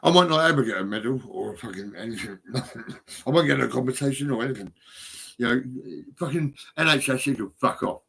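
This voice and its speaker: A middle-aged man rambles into his phone, his voice husky and rough at the edges. He swears constantly and swings between low mutters and agitated outbursts. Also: fairly quick, fairly bright tone. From England. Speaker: vlogger. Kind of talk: rambling monologue to camera.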